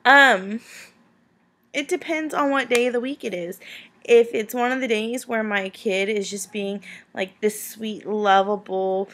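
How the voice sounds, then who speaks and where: A woman's voice: mid-range voice, steady tone, measured pace, fairly bright tone. A young woman, chatting casually to camera at home late at night, tired and rambling with lots of fillers. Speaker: vlogger answering viewer questions.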